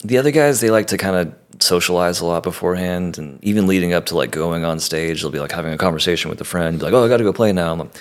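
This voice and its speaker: An American man, a drummer guest, talking in casual, laughing chat and swearing freely. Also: extremely low pitch. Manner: laid-back, laughing, swearing.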